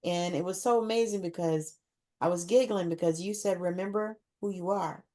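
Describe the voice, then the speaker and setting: A woman's voice: fairly low pitch, moderate pace, mellow. A woman hosting a podcast, effusive and laughing often, repeating words for emphasis. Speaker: podcast host. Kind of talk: casual interview wrap-up.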